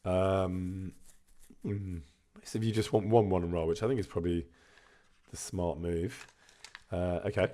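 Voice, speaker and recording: Man, casual streamer chat, fairly low voice, laughs a lot. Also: steady tone, a little slow, long pauses, warm tone. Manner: chatty, laughs often, reads out chat messages.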